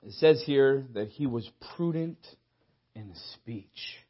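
Young male pastor, storytelling sermon style, husky tone, muffled church recording. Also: medium pitch. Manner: lively storytelling, acts out dialogue, laughs often. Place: church hall.

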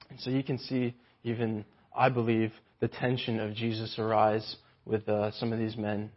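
Man, preacher, sermon, animated, husky voice, muffled lo-fi recording. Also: fairly low pitch, normal speed, hardly any pauses. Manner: animated, acts out mocking voices of the Pharisees.

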